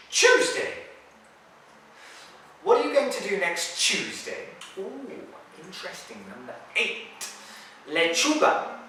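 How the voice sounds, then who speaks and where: A man teaching English pronunciation, saying each word slowly and clearly as a model for learners. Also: fairly high pitch, bright, forceful tone, slight background noise. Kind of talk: pronunciation lesson. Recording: very echoey room, mic at a distance.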